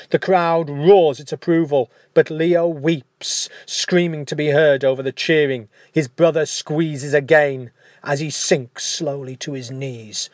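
Brief: unhurried male storyteller, dry close sound. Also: a little high, no room sound. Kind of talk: storytelling narration.

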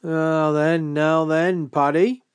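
A man voicing a huge, overfriendly stranger in red, loud and drawn out. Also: fairly high pitch, flat delivery, takes it slowly, smooth, voice pushed up. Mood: jovial.

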